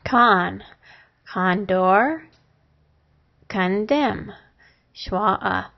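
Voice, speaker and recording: A woman teaching a phonics lesson, sounding out syllables and words one at a time with long pauses between them. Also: mid-range voice. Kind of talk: slow, deliberate phonics lesson. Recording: dull lo-fi recording.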